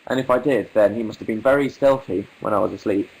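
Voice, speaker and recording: A man's voice: fairly low pitch, fast, darkish tone, rough recording. A young English man hosting a casual livestream, reading viewer comments aloud with wry, amused asides in an articulate manner. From England. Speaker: livestream host.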